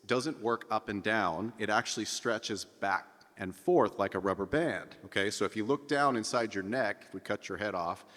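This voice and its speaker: A man's voice: lowish voice, normal speed, hardly any pauses, a bit bright, long reverb tail. A man coaching a singing lesson in a casual, upbeat way, breaking into nasal sung scales to demonstrate. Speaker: vocal coach.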